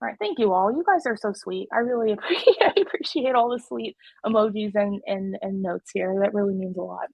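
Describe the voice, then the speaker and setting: A woman's voice: mid-range voice, fairly quick, creaky, few pauses, husky, dry recording. A woman presenting to an online audience, talking in a candid, heartfelt way with many restarts. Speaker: webinar presenter. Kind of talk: personal talk to an online audience. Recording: dry, muffled web call audio.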